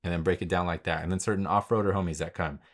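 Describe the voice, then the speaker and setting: A podcast host with a low voice and fairly even intonation races through a casual solo monologue. He's laid-back and rambling, with plenty of slang and swearing.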